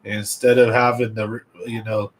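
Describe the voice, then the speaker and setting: A man's voice: on the low side, level tone, unhurried, rough recording. A man hosting a fishing livestream in a casual, rambling way, chatting straight to his viewers.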